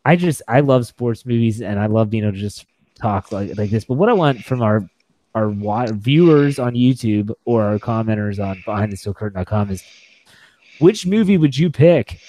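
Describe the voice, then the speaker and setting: In a casual podcast chat about sports movies, a young male co-host rambles eagerly, correcting himself and starting sentences over. He has a lowish, warm voice with lively intonation and speaks at a normal speed.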